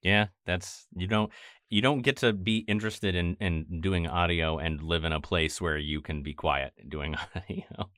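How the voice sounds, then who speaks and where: A man from Maine chatting casually as a podcast guest, quick and joking, with a habit of swearing. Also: low voice, steady tone, a bit bright, dry recording, clean studio sound. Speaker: podcast guest, audio editor. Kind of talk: casual chat.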